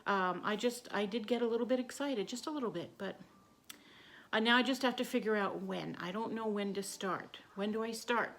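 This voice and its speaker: A woman talks casually to her viewers in a rambling, chatty way. Her voice sits at a middle pitch, and she trails through thoughts with plenty of fillers. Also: a little fast, fairly bright tone. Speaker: vlogger. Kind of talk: casual chat to camera.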